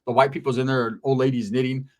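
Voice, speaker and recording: A man's voice: mid-range voice, little pitch movement, quick pace, darkish tone. Streetwise man. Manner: streetwise, rambling, checks in with "right?". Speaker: storyteller. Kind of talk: casual profane storytelling.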